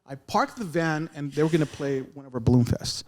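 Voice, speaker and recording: A man's voice: fairly high pitch, fairly quick. A man telling a long story in casual podcast chat, acting out the voices of the people in it. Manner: animated, acts out other people's lines in the story. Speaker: podcast guest, radio veteran.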